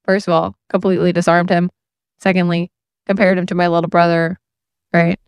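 A woman coach speaks straight to other women in a candid, affirming motivational talk. Her voice is very smooth and clear, with a gravelly fry edging into her phrases. She keeps it casual and scattered with fillers, and the sound is close and dry. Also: fairly low pitch, little pitch movement, fairly quick, no room sound.

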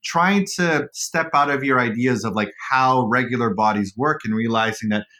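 A man co-hosting a casual chat, relaxed and supportive, often adding short agreements. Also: medium pitch, moderate pace. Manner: relaxed, supportive, gives lots of backchannel.

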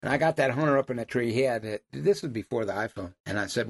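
An older man, telling hunting stories in a folksy, animated way. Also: medium pitch, quick pace. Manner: folksy, animated storyteller who laughs at his own stories. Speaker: lion hunting guide. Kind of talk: casual storytelling.

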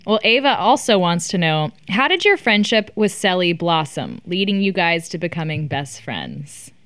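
A woman's voice: fairly low pitch, sing-song, moderate pace, fairly bright tone, smooth, no echo, studio quality. A woman hosting a casual interview, playful and laughing often as she reads out fan questions. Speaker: interview host.

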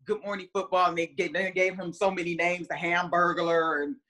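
A woman's voice: lowish voice, flat delivery, fairly quick, a bit bright. A middle-aged woman, a football player's mother, chatting casually as a podcast guest and acting out quotes with lots of fillers. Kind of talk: casual storytelling.

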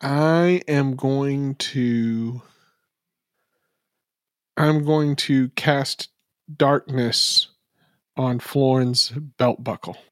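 A man's voice: medium pitch, steady tone, drawn-out words, long pauses, a bit bright, no room sound, clean studio sound. A man playing a tabletop game, asking questions and declaring his character's actions hesitantly. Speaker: player.

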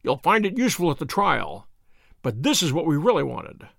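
Brief: cool, crisp storybook detective, curt and in command, a man reading him. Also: fairly high pitch, very animated, normal speed, fairly bright tone, dry recording, clean studio sound, exaggerated voice.

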